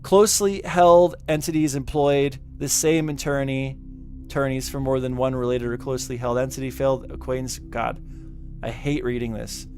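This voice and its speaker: A man's voice: mid-range voice, flat delivery, moderate pace, darkish tone. A man giving casual reaction commentary, reading out legal text with exasperation, stumbling and swearing. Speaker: commentary YouTuber. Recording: music playing behind the voice.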